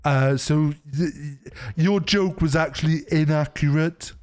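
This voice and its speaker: A man's voice: fairly high pitch, unhurried, a little mellow, faint music behind, natural voice. A man doing a nitpicking know-it-all fan. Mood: pedantic. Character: pedantic male fan correcting a joke.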